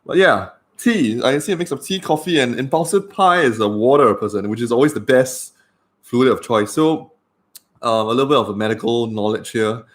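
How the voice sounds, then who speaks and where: A man's voice: medium pitch, normal speed. A man, a doctor chatting casually on a livestream with lots of fillers. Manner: chatty and rambling, with many fillers.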